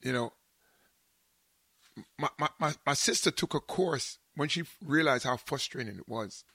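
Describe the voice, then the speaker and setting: Bright-voiced Jamaican man chatting. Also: medium pitch, a little slow, creaky, breathy edge, no echo. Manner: animated storyteller, slips into patois. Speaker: show host. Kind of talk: casual chat.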